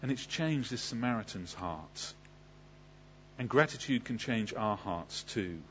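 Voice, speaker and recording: A man's voice: lowish voice, lively intonation, measured pace, fairly bright tone, lo-fi sound, a little hiss or hum. A man preaching a sermon. He asks the congregation questions and then answers them. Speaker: pastor.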